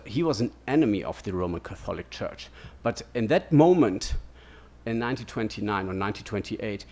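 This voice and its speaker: A man's voice: fairly low pitch, darkish tone. Man giving a rambling lecture. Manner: digressive, keeps asking "yeah?" and "no?". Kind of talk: academic lecture.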